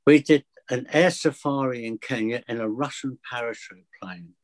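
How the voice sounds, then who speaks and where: A chatty man telling stories from his work as a fear of flying coach. His pitch sits mid-range, and he acts out little bits of dialogue as he goes. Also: moderate pace. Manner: chatty anecdotes with acted dialogue. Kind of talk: casual storytelling interview.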